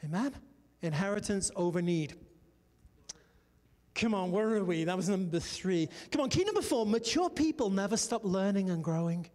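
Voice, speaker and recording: High-voiced male preacher in a reverberant hall. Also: normal speed. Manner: storytelling, animated preaching with "come on" and "amen" calls. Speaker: pastor. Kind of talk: sermon.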